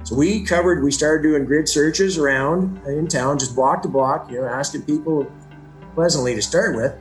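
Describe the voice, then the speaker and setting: A man's voice: a little high, moderate pace, echoey room, soft background music. A man bluntly retelling events in an interview, swearing and acting out the dialogue he quotes. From Ontario, Canada. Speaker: brother of a missing woman, interviewee. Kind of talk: storytelling interview.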